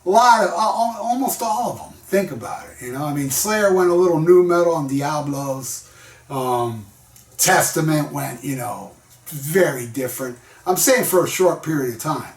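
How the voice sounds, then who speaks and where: A man's voice: a little high, animated, moderate pace, roomy sound, far from the mic. A man giving a casual, rambling album review in a laid-back storytelling manner, full of slang. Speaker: music vlogger.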